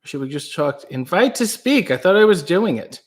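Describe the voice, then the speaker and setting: A man's voice: high voice, sing-song, moderate pace. A man hosting a casual livestream, rambling and joking while he reads out chat comments. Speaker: livestream host.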